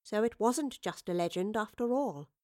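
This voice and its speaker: A woman voicing a calm, learned female professor who explains things in a quiet, measured voice. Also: mid-range voice, no echo, clean studio sound, lightly acted. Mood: quiet, grave.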